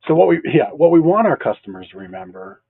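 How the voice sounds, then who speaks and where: A man with a husky, slightly breathy voice talks shop in an easygoing, joking way, dropping sarcastic asides as he goes. The sound is dry and squeezed into a narrow, phone-like band. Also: on the high side, very animated, fast talker, no echo. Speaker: mattress store owner co-hosting a local show. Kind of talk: casual business chat.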